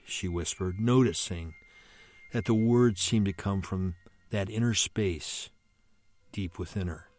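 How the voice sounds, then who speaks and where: Low-voiced priest reading a story. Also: male voice, takes it slowly, darkish tone, soft background music.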